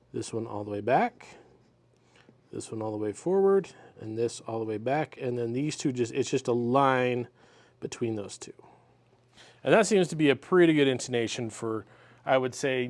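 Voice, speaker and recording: A man talking through a guitar repair step by step in his workshop, relaxed and methodical as he works with his hands. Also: mid-range voice, no echo. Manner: relaxed, methodical, talks while working with hands. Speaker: luthier demonstrating a repair.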